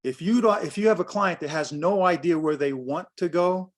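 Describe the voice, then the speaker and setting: A man's voice: sits high, normal speed. A man in his sixties giving a workshop as a business coach, emphatic and direct, repeating his key phrases. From United States. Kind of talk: workshop talk on pricing.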